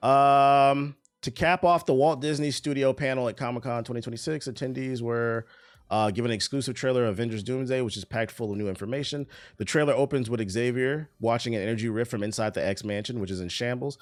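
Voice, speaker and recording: Profane, excitable man reading news aloud. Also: fairly quick. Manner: profane, laughing asides, excitable pitch jumps. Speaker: streamer reacting to news. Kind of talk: casual reaction stream, reading articles aloud.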